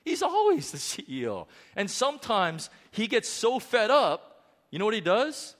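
A man preaches with a lively, swooping delivery, his voice sitting a little higher than most men's. He leans on dramatic pauses and restarts as he drives his points home. A long hall reverb trails behind every phrase. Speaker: pastor. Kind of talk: sermon.

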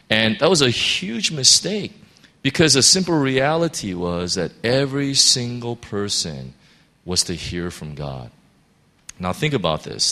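Bright-voiced man teaching the Bible. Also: medium pitch. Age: adult parent of a school-age child. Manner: earnest, reads scripture aloud and stumbles into restarts.

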